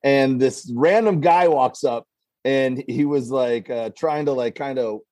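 A man's voice: mid-range voice, measured pace, warm tone, no room sound. A man, a comedian guest on a talk show, telling rambling stories and acting out voices. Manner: rambling storyteller, acts out voices in quotes. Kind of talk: casual talk show anecdotes.

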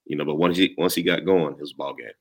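A former player appears as a podcast guest, speaking fast in an extremely low, steady voice with a Southern country accent. His casual chat is laid-back and rambling, full of "you know."

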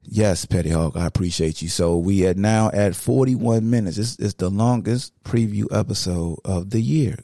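A man's voice: lowish voice, normal speed, no echo. Young guy hosting a sports podcast, chill slangy talk, dry close sound. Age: young adult. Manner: relaxed, slangy, conversational.

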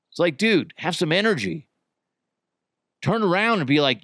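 Male podcast host, casual profane sports rant, lively mocking delivery, slightly high voice, dry close sound. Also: normal speed, no echo. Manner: animated, profane, mocking impressions.

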